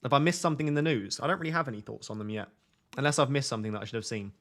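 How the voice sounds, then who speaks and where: A man's voice: mid-range voice, rapid-fire, a bit bright. Jokey self-mocking male streamer. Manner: jokey, self-mocking, reads chat aloud. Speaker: fantasy football streamer. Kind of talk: live stream chat reading. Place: home at night.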